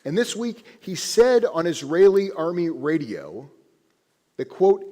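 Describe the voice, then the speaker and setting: A man giving a sermon as a rabbi, an animated, conversational storyteller speaking in a synagogue sanctuary. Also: on the high side, measured pace. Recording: echoey sanctuary.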